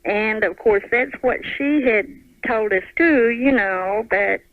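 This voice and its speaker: A woman's voice: on the high side, slow pace, dry recording. A woman with a Southern US accent calling a radio show, polite and a little hesitant. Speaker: caller. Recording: tinny phone line on radio.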